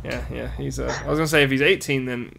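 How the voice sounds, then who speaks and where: A man's voice: mid-range voice, fairly even intonation, creaky, crowd noise. A man streaming a game with friends, joking around in casual chat and laughing often. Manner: joking, quick to laugh, loud outbursts. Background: game music.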